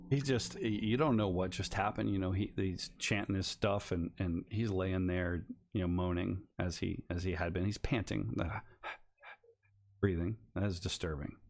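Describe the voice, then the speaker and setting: A man's voice: sits low, fairly even intonation, normal speed, vocal fry, a little mellow. A man narrating a tabletop horror game as game master, building suspense and sometimes dropping to a whisper.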